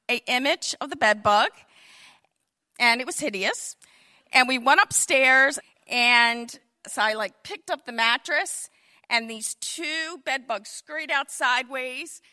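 A woman in her fifties tells a personal story in a high, bright voice, unhurried yet animated. She spins it with comic asides and a storyteller's flair.

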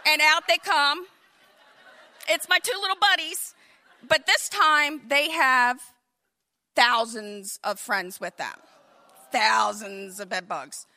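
A woman in her fifties with a high, bright voice tells a personal story, unhurried and animated. She spins the tale with comic asides and a storyteller's flair. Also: a faint crowd.

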